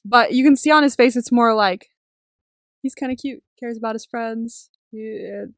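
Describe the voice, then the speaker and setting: A woman co-hosting a podcast, eager and excitable, swearing casually as she chats about a show. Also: on the high side, moderate pace, no echo, clean studio sound. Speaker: podcast co-host. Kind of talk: casual chat recapping a TV series.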